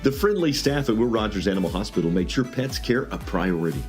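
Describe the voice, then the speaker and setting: A man reading a local commercial in a smooth, friendly sales style. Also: lowish voice, expressive, fast, faint music behind. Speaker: ad announcer. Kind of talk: local radio commercial read.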